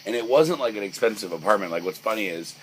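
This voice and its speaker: A young man co-hosting a podcast rambles through stories in casual chat, full of fillers and restarts. His fairly low voice is expressive and fast, the audio is poor, and faint background noise can be heard.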